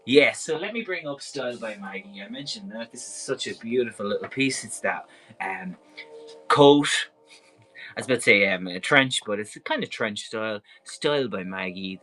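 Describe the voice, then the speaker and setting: A man's voice: lowish voice, fairly bright tone, poor audio. An Irish man hosting a live clothing sale, talking in a chatty, enthusiastic and rambling way. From Ireland. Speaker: live-stream clothing seller. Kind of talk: casual live sales patter.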